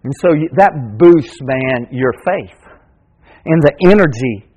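A middle-aged male pastor preaching a sermon, swinging between loud emphatic calls and quiet intimate asides. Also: mid-range voice, lively intonation, slow pace, breathy edge, poor audio.

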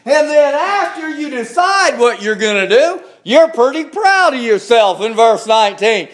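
A man preaching in a high voice with a lilt. He takes his time, leaning hard on each phrase and letting it rise as he drives it home. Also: very animated. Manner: slow, emphatic preaching with rising exclamations. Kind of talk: sermon.

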